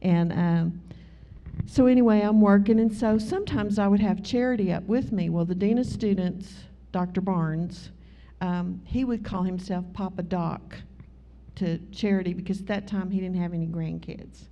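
A woman's voice: on the low side, moderate pace, mellow. A middle-aged woman teaching a Bible study, telling chatty personal stories and acting out both sides of conversations. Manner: chatty storyteller who acts out both sides of dialogues. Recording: dull lo-fi recording.

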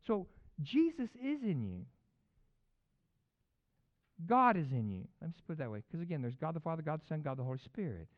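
A man preaching a casual, animated sermon that swings from quiet talk to loud, excited peaks. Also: fairly high pitch, brisk. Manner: animated, conversational preaching with sudden loud peaks and acted voices. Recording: dull lo-fi recording.

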